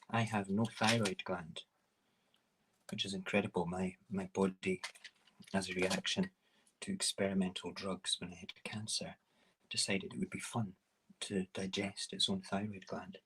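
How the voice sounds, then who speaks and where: A man's voice: low voice, noisy background. A middle-aged man hosting a casual morning stream while cooking in his home kitchen, rambling and self-mocking. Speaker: morning show host.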